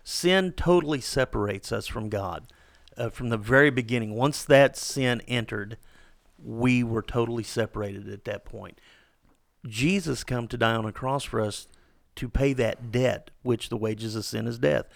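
A middle-aged father co-hosting a casual devotional chat, talking in a halting way with lots of fillers and self-deprecating asides. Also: mid-range voice, gravelly, no echo, studio quality. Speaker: podcast co-host.

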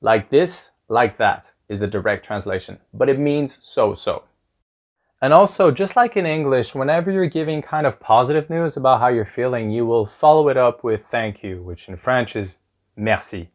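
A man's voice: medium pitch, expressive, normal speed. A man hosting a podcast language lesson as a teacher, upbeat and repeating phrases with exaggerated rising intonation.

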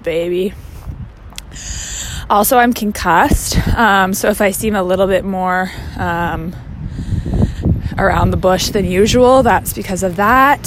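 A woman's voice: medium pitch, slow pace, slight background noise. Chatty young woman, rambling. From Canada. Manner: rambling and chatty, with many fillers and slangy asides. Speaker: vlogger. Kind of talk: casual chat.

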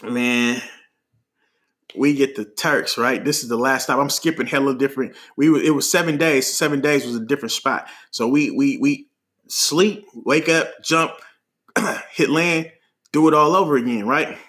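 A man from Oakland with a Bay Area accent, telling a story on a podcast in an animated, slangy way, laughing often as he talks. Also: mid-range voice, normal speed. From Oakland, California. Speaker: podcast host. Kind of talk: casual storytelling.

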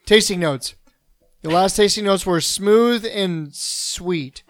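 A man with a slightly high voice hosts a relaxed chat among friends. He teases the others and keeps the jokes rolling. The sound is dry and close. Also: takes it slowly, dry recording. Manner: teasing, jokey. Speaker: podcast host.

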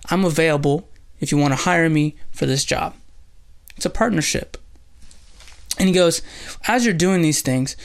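Guy preaching a bible study, kinda gravelly, earnest. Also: fairly high pitch. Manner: earnest, talks through scripture aloud. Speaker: pastor and host.

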